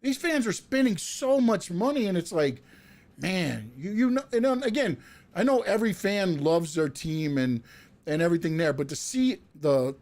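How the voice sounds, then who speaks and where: Man, high pitched voice, casual sports podcast co-host, rambling, full of fillers. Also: lively intonation, moderate pace, a little mellow. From South Florida. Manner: rambling, many restarts and fillers.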